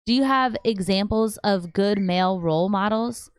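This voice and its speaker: A woman hosting a casual livestream from home, reading viewer questions and answering them in a chatty, animated way with slangy asides. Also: medium pitch, normal speed, smooth, no echo, clean studio sound. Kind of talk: casual live chat.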